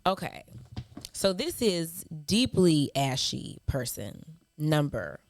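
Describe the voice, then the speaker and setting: A woman's voice: sits low, very animated, slow pace. A woman co-hosting a podcast, reading out nasty emails from viewers and answering them with mocking, sassy clapbacks and laughter. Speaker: podcast co-host. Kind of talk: casual chat, reading hate mail aloud.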